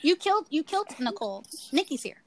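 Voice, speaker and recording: A woman's voice: high voice, big pitch swings, fast, dry recording. A Southern woman co-hosting a casual podcast, talking in a brash, teasing, flirtatious way. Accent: Southern American. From Southern United States. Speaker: podcast co-host.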